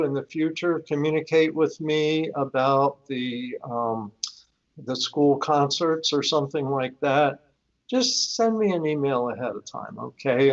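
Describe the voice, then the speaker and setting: An older man, a guest expert, calmly explaining and telling case stories in a live-streamed interview. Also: mid-range voice. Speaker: guest expert on high-conflict divorce. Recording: dull lo-fi stream audio.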